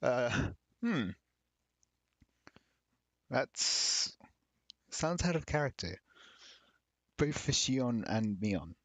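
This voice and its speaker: A man's voice: mid-range voice, big pitch swings, extremely slow, pauses often, a bit bright, no echo, low-quality recording. A man reading a visual novel's narration aloud during a let's play, breaking off into wry, casual comments. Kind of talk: reading game text aloud with casual asides.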